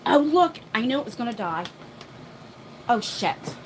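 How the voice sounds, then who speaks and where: A chatty woman hosts a live stream from her home, a little out of breath as she sets up her laptop. Her voice sits on the higher side, with faint room noise behind her. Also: very animated. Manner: chatty, talks to viewers and her dog while rushing around. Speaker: livestream host. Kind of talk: casual live chat. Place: home, moving between floors.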